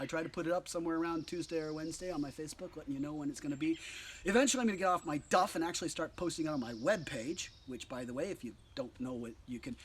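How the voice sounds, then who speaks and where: A man's voice: fairly high pitch, slight background noise. A man performing a livestream concert, singing and chatting playfully, laughing easily, with rambling asides. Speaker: singer-songwriter. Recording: loud acoustic guitar behind voice.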